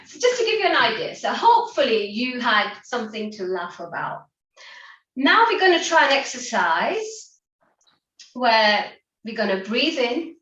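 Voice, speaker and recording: A woman's voice: fairly high pitch, a bit bright, lo-fi sound. A woman guiding an online laughter yoga session, upbeat and encouraging, often breaking into laughter. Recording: roomy, distant from the mic.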